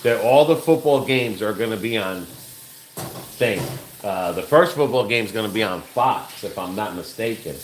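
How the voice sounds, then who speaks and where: A man co-hosting a casual home livestream, explaining things slowly with halting fillers while reading out viewer comments. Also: on the low side, lively intonation, a little hiss or hum. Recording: echoey room.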